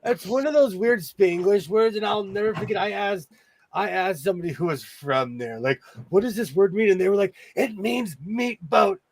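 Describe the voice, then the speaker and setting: A man's voice: high-pitched, brisk. A man hosting a casual sewing chat, telling stories and laughing often. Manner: animated storyteller who laughs often. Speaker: host.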